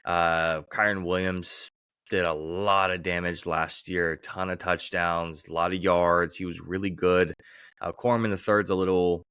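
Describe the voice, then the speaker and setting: A man co-hosting a podcast, talking casually about football picks in a relaxed way. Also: low-pitched, unhurried, smooth, dry recording, clean studio sound. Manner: relaxed, acts out quoted voices with laughter. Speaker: podcast co-host. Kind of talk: casual sports chat.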